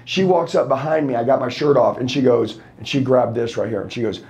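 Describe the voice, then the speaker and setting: A sales trainer in his thirties, medium-pitched with a darkish tone and a brisk pace, gives a fired-up motivational seminar talk. He confronts the room full of people bluntly and profanely.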